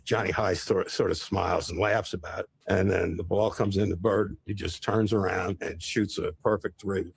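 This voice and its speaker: Gravelly, husky man telling a story slowly. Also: sits low, fairly even intonation. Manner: slow, deliberate storytelling. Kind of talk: storytelling interview.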